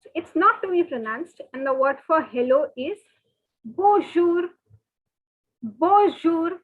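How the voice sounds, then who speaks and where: A woman teaching French in an online lesson, patiently repeating each word slowly and often. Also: high-pitched, expressive. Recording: thin phone-like webinar audio.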